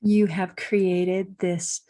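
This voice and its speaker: A woman hosting a podcast interview, summing up her guest's points in a measured, reflective way. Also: fairly low pitch, flat delivery, dark tone. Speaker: podcast host.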